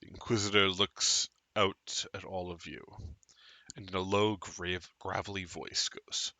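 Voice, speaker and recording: A man's voice: deep voice, level tone, a little slow, bright, forceful tone, no echo. A man narrating a tabletop game as game master, describing scenes vividly.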